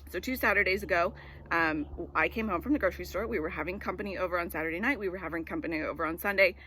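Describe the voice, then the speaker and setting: A woman's voice: fairly low pitch, rapid-fire, pushed and bright, a little hiss or hum. A woman in her forties giving a casual devotional talk. She tells a personal story in a rambling way with many filler words. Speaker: devotional speaker.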